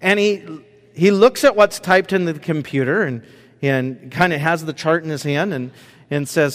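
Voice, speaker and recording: A man preaching in a relaxed, conversational way, telling a personal story with lots of fillers and acted asides. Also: a little high, normal speed. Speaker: pastor. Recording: long hall reverb.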